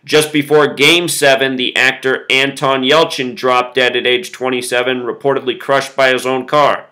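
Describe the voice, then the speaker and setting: Male solo video host, bright and forceful tone, insistent explainer. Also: medium pitch, flat delivery, moderate pace, low-quality recording. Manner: insistent, explains with numbers, quotes song lyrics.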